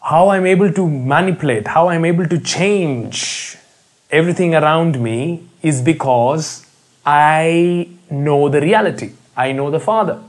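A man's voice: fairly high pitch, poor audio. Emphatic preacher man. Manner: emphatic, drawn-out repetition, swings between loud and hushed. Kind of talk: sermon.

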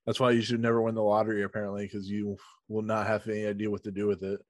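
A man's voice: lowish voice, little pitch movement, fast talker, no room sound, clean studio sound. A man co-hosting a podcast, chatting casually and retelling scenes in quoted voices. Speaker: podcast co-host. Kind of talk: casual chat.

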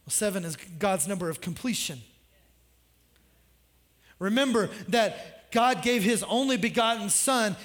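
A man's voice: extremely high pitch, a bit bright, in a large hall. A man pastor preaching a sermon in a conversational way, with joking asides.

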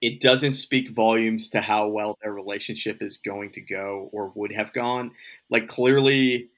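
A man co-hosting a podcast, his voice bright and forward. He talks in loose casual chat, rambles, swears often and acts out the lines he quotes. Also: on the low side, steady tone, a little slow. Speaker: podcast co-host.

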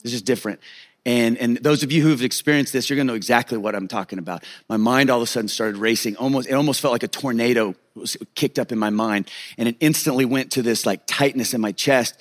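A man's voice: mid-range voice, fast. A middle-aged male pastor giving an earnest, confessional sermon, sharing personal testimony with many stammered restarts.

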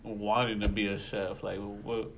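A man's voice: on the low side, flat delivery, a little slow, a bit bright, slight background noise. A man chats casually as an interviewer. He repeats his questions and starts them over. His voice comes through a dull, muffled recording. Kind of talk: casual conversation.

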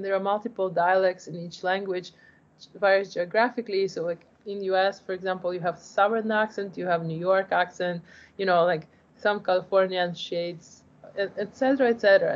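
A woman startup founder with a mid-range voice earnestly explains her tech in an interview. She leans on "like" and frequently restarts her sentences, and the recording is dull and lo-fi.

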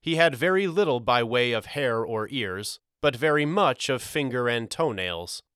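A man narrating a storybook audiobook in a measured, expressive reading. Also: medium pitch, clean tone, dry recording, studio quality.

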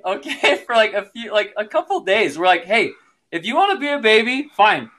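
A man's voice: sits high, big pitch swings, normal speed, pushed and bright, a little hiss or hum. A man in his thirties, a father telling a parenting story in casual chat, laughing often and using lots of fillers.

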